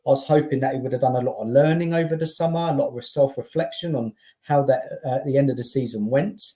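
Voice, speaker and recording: A guest talks football on a fan stream in a warm, dark tone. The delivery is exasperated and emphatic, with stammered restarts. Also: medium pitch, fast talker. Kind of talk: casual football chat.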